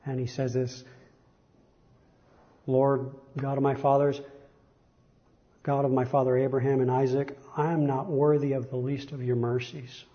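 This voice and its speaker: A man's voice: mid-range voice, flat delivery, unhurried, long pauses, lo-fi sound. A man preaching a sermon, reading Bible verses aloud with rising emphasis and frequent self-correcting repetitions.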